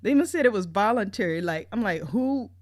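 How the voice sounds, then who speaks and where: Animated woman telling a funny story. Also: medium pitch, fast talker, no echo, studio quality. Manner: animated, playful, lots of voice jumps. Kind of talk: humorous personal story.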